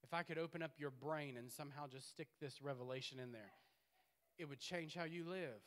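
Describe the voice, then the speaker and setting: A man preaching with a high, bright voice. He is animated and playful, building to loud bursts and dropping to hushed asides. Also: fairly quick, a little hiss or hum. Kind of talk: sermon.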